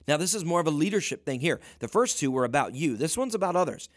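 A man's voice: a little high, big pitch swings, brisk, hardly any pauses, dry recording. Emphatic male motivational coach, dry sound. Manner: emphatic, repeats "listen", rising to near-shouting peaks. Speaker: leadership coach. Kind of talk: motivational talk.

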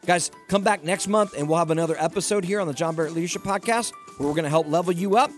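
A man's voice: on the high side, fast talker, soft background music. Earnest man giving a motivational talk. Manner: earnest, emphatic, repetitive exhortation. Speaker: podcast host.

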